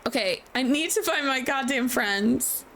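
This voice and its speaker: A woman with a high, animated, slightly bright voice streams a game at a measured pace, laughing often and swearing freely in casual let's-play commentary. Faint game music plays underneath.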